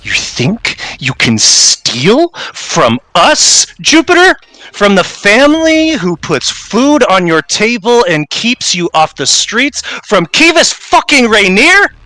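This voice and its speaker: A man voicing an arrogant, entitled sixteen-year-old heir to a crime family who growls out shouted threats. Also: high-pitched, very animated, slow pace, dry recording, pitched above the performer's own voice, exaggerated voice. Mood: menacing.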